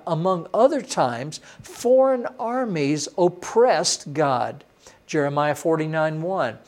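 A male pastor giving a sermon teaching, folksy and conversational, swinging from hushed awe to emphatic points. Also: a little high.

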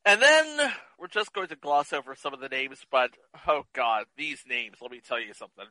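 A man's voice: medium pitch, expressive, normal speed, pushed and bright, dry recording, poor audio. A man co-hosting a casual movie chat podcast, teasing and wry. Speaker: podcast co-host.

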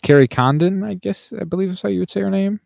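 A man's voice: high-pitched, fast, gravelly, a little mellow, dry recording, clean studio sound. A man co-hosting a podcast in casual chat, rambling with many fillers and restarts. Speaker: podcast co-host.

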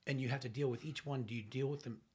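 Ontario Canadian man hosting an interview, husky mid-range voice, curious and a bit halting. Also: mid-range voice, steady tone, darkish tone. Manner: inquisitive, halting with fillers. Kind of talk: casual interview.

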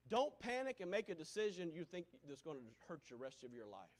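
A male preacher with a high-pitched voice delivers a sermon. He swings between loud, punchy exclamations and soft, hushed asides, and chuckles at his own jokes. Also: big pitch swings, quick pace.

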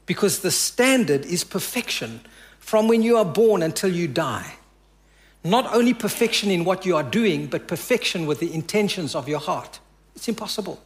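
A man with a fairly high voice delivers a sermon as pastor. He tells the story with rising emphasis, then drops soft and hushed to give the quoted words weight. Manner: preaching with dramatic drops to soft quoted lines.

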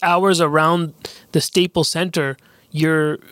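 A man's voice: a little high, fairly even intonation, slow pace, a bit bright, dry recording. A man in a casual debate, reasoning through his point aloud with stammering restarts.

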